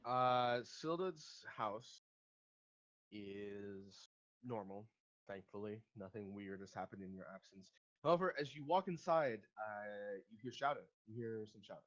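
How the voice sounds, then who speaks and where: A man's voice: fairly low pitch, lively intonation, unhurried, fairly bright tone. Man game master, lo-fi mic. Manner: casual, hesitant, many fillers. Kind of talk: narrating a tabletop game.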